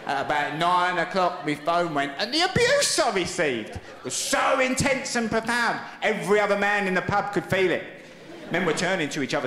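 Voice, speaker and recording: A man's voice: high-pitched, big pitch swings, moderate pace, some chatter behind, slight background noise. A middle-aged British man telling a live stand-up story, cheeky and self-mocking, slipping into other people's voices. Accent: British English. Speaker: stand-up comedian. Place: large theatre stage. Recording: echoey live venue with loud audience.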